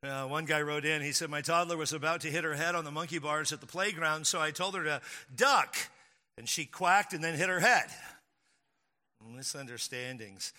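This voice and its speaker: Bright-voiced pastor in a reverberant hall. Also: male voice, a little high, moderate pace. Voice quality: conversational, storytelling with acted quotes. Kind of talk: sermon.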